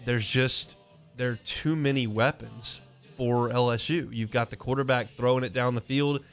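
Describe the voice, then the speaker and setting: A male sports radio host talks through his takes in a loose, conversational way, often restarting his sentences. His voice is smooth and resonant at a middle pitch. A faint music bed plays behind him in the studio. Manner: conversational, opinionated, many restarts. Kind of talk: casual sports talk. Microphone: studio mic.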